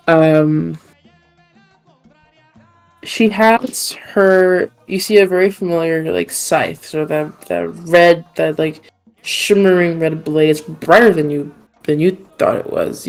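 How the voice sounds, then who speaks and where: A woman's voice: deep voice, darkish tone. A woman narrating a tabletop game as game master, meandering with many fillers.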